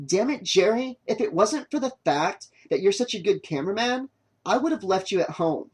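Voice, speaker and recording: A man's voice: sits high, expressive, moderate pace, slightly rough, pitched above the performer's own voice. A man reading an audiobook, voicing an irritable young woman making a documentary, curt and exasperated. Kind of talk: audiobook character voice.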